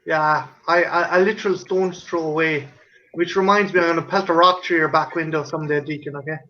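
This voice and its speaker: An Irish man hosting a casual group chat on a livestream, swearing freely and joking in quick banter. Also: fairly high pitch, fairly even intonation, pushed and bright. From Ireland. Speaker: stream host. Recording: dull lo-fi stream audio.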